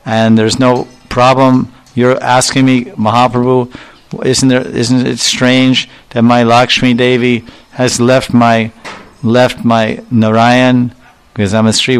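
A man's voice: medium pitch, clear, resonant tone. A man teaching a devotional lecture, retelling scriptural dialogues and quoting verses in his storytelling. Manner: storytelling, acting out dialogue with quoted Sanskrit-Bengali terms. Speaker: spiritual teacher.

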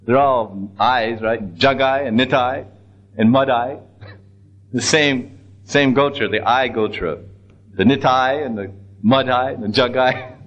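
A man telling a devotional story as a sermon, animated, with frequent restarts and acted-out voices. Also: medium pitch, a little slow, pauses often, dull audio. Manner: animated retelling with many restarts. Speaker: religious storyteller.

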